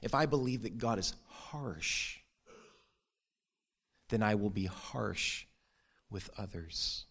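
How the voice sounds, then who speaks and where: A man's voice: lowish voice, lively intonation, slow pace, long pauses, fairly bright tone, husky. A man preaching a sermon in an earnest, conversational way, with sudden rises for emphasis. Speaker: pastor.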